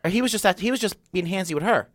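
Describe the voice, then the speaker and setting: A man co-hosting a casual chat, animated and full of joking gossip, sounding hungover. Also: high voice, rapid-fire, no room sound, studio quality. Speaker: podcast co-host.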